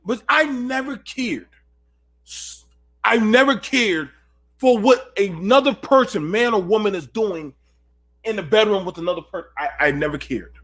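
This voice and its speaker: Man, late-night host, high voice, preaching rhetorical questions at his audience. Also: lively intonation, unhurried, a bit bright. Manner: preachy, rhetorical, talks to viewers. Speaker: channel host.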